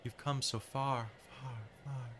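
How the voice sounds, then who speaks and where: A man voicing a cold, ethereal female ice goddess spirit in a soft whispered role-play, repeating words as if they echo. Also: medium pitch, flat delivery, slow, a little hiss or hum. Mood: coaxing, tempting.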